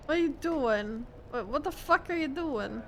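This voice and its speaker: A woman's voice: high-pitched, lively intonation, normal speed, slight background noise. A woman streamer chatting casually with her viewers about her cat, her voice nasal from a cold, swearing and laughing often. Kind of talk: casual live-stream chat.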